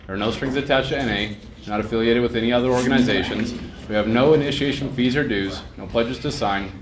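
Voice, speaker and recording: Man reading at a meeting. Low voice, rapid delivery, echoey hall, audible background noise. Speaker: meeting reader. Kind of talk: reading a recovery text aloud.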